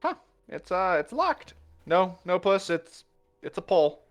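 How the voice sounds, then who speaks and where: A man's voice: sing-song, measured pace. A man doing a boastful cat rogue. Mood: flustered. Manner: preening, overexcited, high squeaky exclamations.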